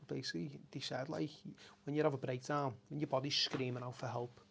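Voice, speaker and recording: A man's voice: mid-range voice, fairly even intonation, brisk, creaky, fairly bright tone, a little hiss or hum. A middle-aged man, a café owner speaking candidly as a podcast guest, raw and emotional, swearing often and breaking off to restart his sentences. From Liverpool, England. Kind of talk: candid conversational storytelling.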